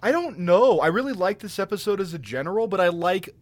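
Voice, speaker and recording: A man co-hosting a casual podcast, rambling excitedly with lots of swearing and laughs. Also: sits high, fast, no echo. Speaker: podcast co-host.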